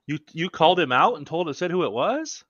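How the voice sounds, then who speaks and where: A man chats with friends on a livestream, joking and sarcastic. His pitch swings widely as he talks. The audio is dry and somewhat dull. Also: sing-song, normal speed, fairly bright tone, husky, no room sound. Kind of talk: casual group chat on a livestream.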